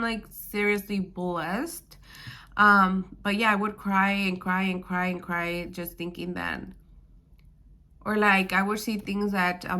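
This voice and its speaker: A woman's voice: mid-range voice, pushed and bright. A young woman, a new mother who is a bit under the weather, talking casually in a vlog with lots of "like" and "um.". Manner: rambling, full of "like" and "um". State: a bit sick.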